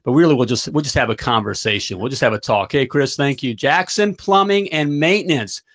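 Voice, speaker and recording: A middle-aged man hosting a livestream as a business coach, giving an energetic pep talk and checking in with "all right?" again and again. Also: mid-range voice, fairly quick.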